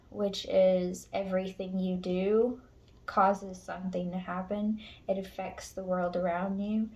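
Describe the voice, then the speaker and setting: A woman's voice: mid-range voice, a little mellow, dull audio. A woman tarot reader speaking casually and emotionally to her viewers, frank and earnest, swearing now and then. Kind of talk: casual spiritual pep talk to viewers.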